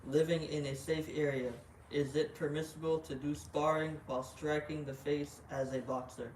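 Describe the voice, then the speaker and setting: A man reading listener questions aloud in a flat, plain way. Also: on the high side, normal speed. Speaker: reader of submitted questions. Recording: roomy, distant, faint noise.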